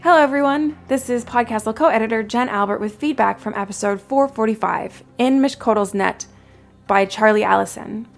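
A woman's voice: on the high side, normal speed, vocal fry, soft background music. A woman, the show's co-editor, reading out listener feedback in a friendly, matter-of-fact way.

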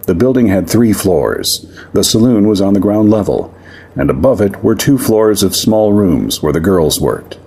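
A man narrating a fantasy western story in a measured, expressive storytelling manner. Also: low voice, husky.

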